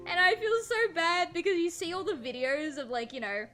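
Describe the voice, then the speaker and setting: A young woman streams live while drawing, a streamer and artist chatting casually and rambling through stories full of slang and free swearing. Her voice is very high with a sharp tone.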